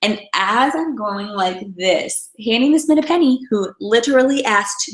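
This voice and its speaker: A woman's voice: fairly high pitch, expressive, unhurried. A young woman giving a casual motivational talk as a team leader, telling stories in a chatty way with many fillers. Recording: roomy echo.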